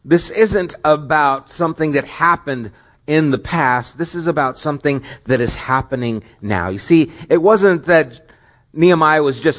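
A man's voice: on the high side, measured pace, a bit bright. A middle-aged man preaching a sermon as pastor, earnest and questioning, with rising emphatic stretches.

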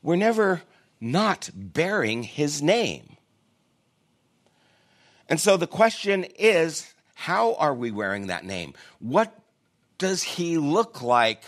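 Lively storytelling male pastor. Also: mid-range voice, slow. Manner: storytelling, conversational, self-deprecating. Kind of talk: sermon. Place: church.

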